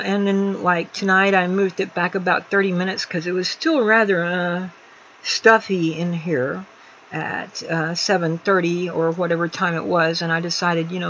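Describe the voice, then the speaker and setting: This livestream host, a woman streaming from her home, meanders along with frequent fillers and restarts. Her voice is lowish and a bit bright, in slightly dull lo-fi audio with slight background noise.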